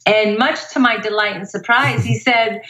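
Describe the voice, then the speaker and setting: A woman's voice: a little high, normal speed, fairly bright tone, reverberant, poor audio. A middle-aged woman, a motivational speaker, telling an upbeat personal story in a casual interview.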